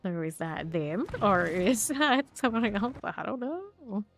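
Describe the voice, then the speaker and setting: Gravelly-voiced woman with a light Southern drawl. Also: medium pitch, expressive, takes it slowly. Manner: chatty and self-teasing, talks to chat while playing, laughs often. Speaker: streamer. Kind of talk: casual gameplay commentary, chatting with viewers.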